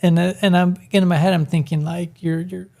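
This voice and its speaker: A man's voice: high voice, little pitch movement, a little fast, darkish tone. A man co-hosting a parenting talk show, chatting casually and easily agreeing with his co-host. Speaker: podcast co-host. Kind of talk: casual chat.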